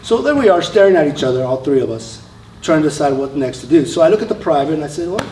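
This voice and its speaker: A man's voice: on the high side, expressive, quick pace, a little mellow, slight background noise. A man, an Army veteran, telling a story live on stage in a conversational way, with frequent fillers and restarts. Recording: roomy sound from a distant mic.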